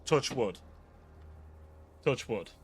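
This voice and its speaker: A man's voice: mid-range voice, animated, very slow, slightly rough. A British man live-streaming a strategy game, chatting and thinking aloud, often cutting himself off mid-thought. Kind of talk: live gameplay commentary.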